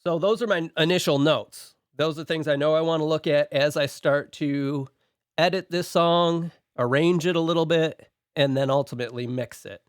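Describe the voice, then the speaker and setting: A man's voice: fairly high pitch, steady tone, moderate pace, smooth, dry recording, clean studio sound. A man co-hosting a podcast, walking through his production notes on a song point by point in a casual, methodical way.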